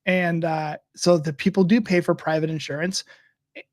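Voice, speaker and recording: A man's voice: fairly high pitch, fairly even intonation, normal speed, no room sound, clean studio sound. A man co-hosting a casual political chat podcast, chatty and wry. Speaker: podcast co-host.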